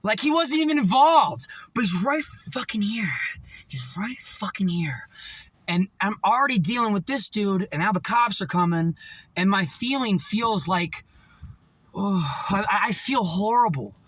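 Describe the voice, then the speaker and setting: A man's voice: high-pitched, measured pace, no room sound. A man giving a rambling, profane motivational monologue, telling his stories with animation and many fillers. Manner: animated storytelling. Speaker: motivational vlogger.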